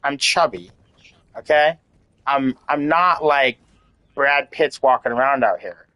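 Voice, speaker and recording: A man's voice: medium pitch, slow, sharp tone, no room sound, rough recording. A man in his late thirties venting in casual chat, rambling and candid, with lots of "like" and swearing. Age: 30s. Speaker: host.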